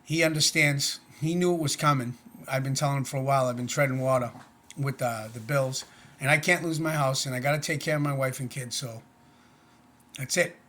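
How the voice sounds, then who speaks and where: A man's voice: medium pitch, fairly even intonation, fairly quick, sharp tone. A middle-aged man talking to camera in a casual personal vlog, earnest, plainspoken and rambling. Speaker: vlogger.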